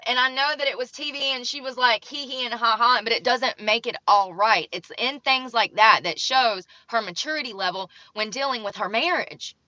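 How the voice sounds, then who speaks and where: A young woman vlogger with a fairly high, bright, forceful voice reads aloud from an article, then comments on it bluntly and judgmentally. The sound is dull and lo-fi, from a dry room with no echo.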